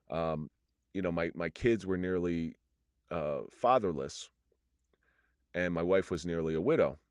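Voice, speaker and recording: Man, middle-aged, very deep voice, dry close recording, earnest and halting, restarts often. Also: no echo. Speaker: former police officer, podcast guest. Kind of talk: candid interview storytelling.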